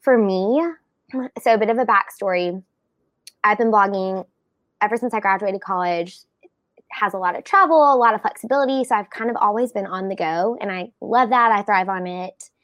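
A woman's voice: medium pitch, moderate pace, fairly bright tone, no room sound. Chatty young woman, dry close sound. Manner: chatty, laughs often, trailing asides. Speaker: guest blogger. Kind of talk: casual chat.

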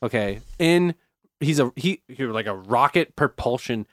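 A young man hosting a casual chat, animated and swearing freely as he acts out what others said. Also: medium pitch, normal speed, no room sound, studio quality.

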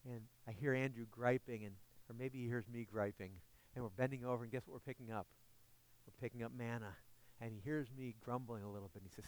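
A man's voice: medium pitch, normal speed, a little mellow. A man preaching a sermon as pastor, earnest and often asking his listeners questions.

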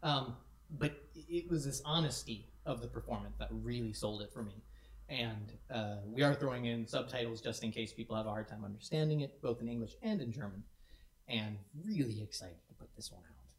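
A man's voice: medium pitch, fairly quick. A man co-hosting a community stream, talking casually and enthusiastically with many restarts. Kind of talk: casual chat. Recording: echoey room.

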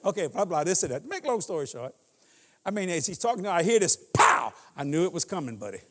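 An older man, a guest preacher, telling a humorous story in a sermon, chuckling and breaking into shouts. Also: high-pitched, brisk. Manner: animated, chuckling, bursts into shouts. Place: church sanctuary. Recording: reverberant church hall.

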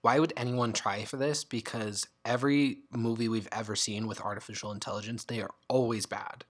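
A young woman co-hosting a casual chat, skeptical and argumentative, quick to laugh. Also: rumbling low, steady tone, slightly rough. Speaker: podcast co-host.

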